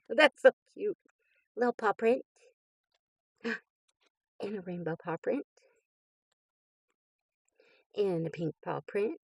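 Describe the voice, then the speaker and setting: A woman in her fifties with a lowish, husky voice hosts a crafting channel, recorded with no room sound. Opening happy mail in casual chat, she gushes enthusiastically and laughs often.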